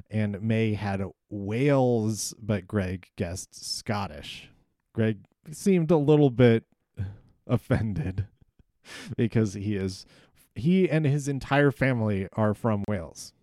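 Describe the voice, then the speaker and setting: A man talks slowly and loosely, stopping often to restart his sentences. His voice sounds smooth and clean. It is recorded close and dry, with no room echo. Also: on the low side, mellow. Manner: rambling, hesitant, many ums and restarts. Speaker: podcast host. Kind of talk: casual solo recap.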